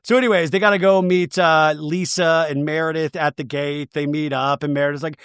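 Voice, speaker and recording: A man hosting a podcast, recapping a reality show in a jokey, animated way and slipping into quick mock voices. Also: on the high side, clear, resonant tone, dry recording, studio quality. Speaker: podcast host.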